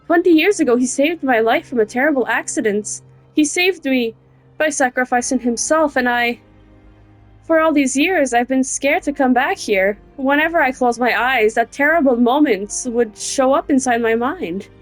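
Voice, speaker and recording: A woman's voice: sits high, moderate pace, soft background music, pitched above the performer's own voice, close to an everyday voice, low-quality recording. A woman reads a grieving, anxious young woman's game dialogue aloud in an emotional, pleading way. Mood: distraught.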